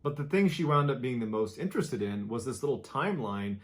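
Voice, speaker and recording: Male horror storyteller, scripted, mid pitch, measured suspense. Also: animated.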